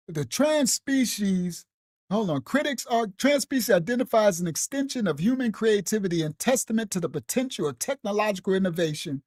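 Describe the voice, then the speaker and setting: A woman giving a casual, animated teaching on a late-night live stream. She talks straight to her viewers, repeats herself and laughs often. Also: mid-range voice, no echo, clean studio sound. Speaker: ministry teacher.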